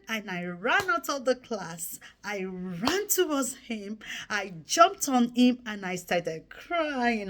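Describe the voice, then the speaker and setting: A woman speaking earnestly in a personal storytelling vlog, turning animated as she acts out memories. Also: on the high side, unhurried. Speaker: vlogger.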